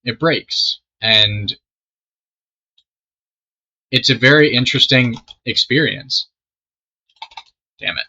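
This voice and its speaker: A young man with an intensely bright, sharp-edged voice rambles through a story, swearing and losing his train of thought. The sound comes through a dull, lo-fi mic. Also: medium pitch, slow, pauses often, husky. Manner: rambling, swearing, trailing off mid-sentence. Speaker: storytelling gamer. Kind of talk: casual storytime while playing a game.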